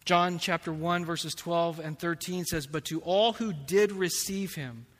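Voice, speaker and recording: Man preaching slow, bright voice, big church echo. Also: on the high side. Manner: slow, emphatic preaching with big swings in loudness. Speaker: pastor. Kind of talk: sermon. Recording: long reverb of a large hall.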